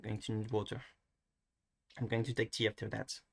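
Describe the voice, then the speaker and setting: A man's voice: on the low side, little pitch movement, moderate pace, creaky. A man with a French accent, a French native speaker, giving a casual pronunciation lesson in a hesitant way, with many restarts and fillers. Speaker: language tutor. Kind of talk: casual screen-recorded lesson.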